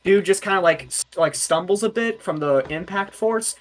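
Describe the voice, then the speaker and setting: Animated young man telling stories. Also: high voice, moderate pace. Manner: animated, acts out quotes in character voices. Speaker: baseball umpire and podcast host. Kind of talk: casual podcast storytelling.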